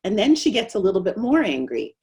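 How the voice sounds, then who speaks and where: A middle-aged woman, a speech-language pathologist, giving an animated webinar presentation. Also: mid-range voice, fairly quick. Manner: animated, acts out quoted voices.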